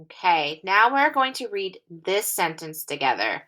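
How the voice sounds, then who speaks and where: Woman teacher, phonics lesson for small children, slow careful delivery, lively pitch, bright voice. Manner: slow, clearly enunciated reading, sentences read aloud in phrases.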